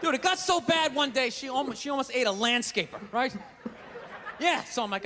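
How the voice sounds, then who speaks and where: A man's voice: very high voice, animated, fairly quick, big-room sound, background noise. A male stand-up comedian ranting in an exasperated, profane way during a live routine.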